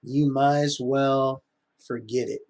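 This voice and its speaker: A man's voice: mid-range voice, steady tone, slow, darkish tone. A middle-aged man rambling through a live-stream monologue, often wandering off topic. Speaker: livestreamer.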